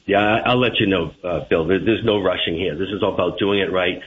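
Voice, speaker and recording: Deep-voiced Boston man on a phone line. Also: fairly quick. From Boston, USA. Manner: earnest, repeats words when searching. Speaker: radio interview guest. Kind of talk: phone-in radio interview. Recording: tinny phone line with hiss.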